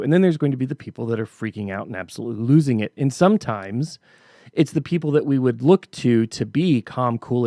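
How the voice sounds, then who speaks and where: Gravelly man telling a story. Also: mid-range voice, warm tone, no echo, studio quality. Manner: conversational storytelling with frequent restarts. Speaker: podcast host. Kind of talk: casual reflective monologue.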